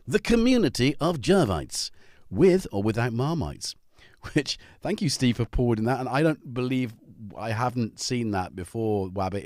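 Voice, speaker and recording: A man hosting a livestream from his home studio, chatting in a rambling, friendly way and calling out to viewers by name. His pitch jumps up and down a lot as he talks. The sound is dry and close to the mic. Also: big pitch swings, normal speed, a little mellow, dry recording. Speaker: livestream host. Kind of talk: casual livestream chat.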